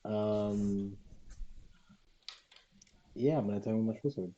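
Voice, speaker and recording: A man's voice: fairly low pitch, measured pace, mellow, dull audio. A man playing a tabletop game, rambling and unsure, full of likes and ums. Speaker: player. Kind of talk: casual tabletop play.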